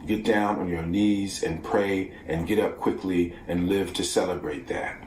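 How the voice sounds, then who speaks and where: A man with a very low voice reads his poems slowly and deliberately, now and then sinking toward a whisper. He sounds set back from the microphone in an echoey room at home, with a faint hiss of background noise. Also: fairly even intonation, a little mellow, distant mic. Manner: measured, deliberate reading, dropping to a near whisper at times. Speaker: poet. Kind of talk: poetry reading. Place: room at home, virtual festival.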